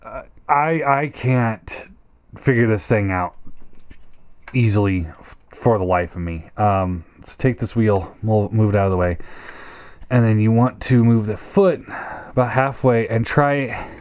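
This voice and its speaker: A man's voice: on the low side, a little slow, a little mellow, clean tone. A man giving a casual hands-on toy review, frustrated and swearing, often stammering and repeating himself.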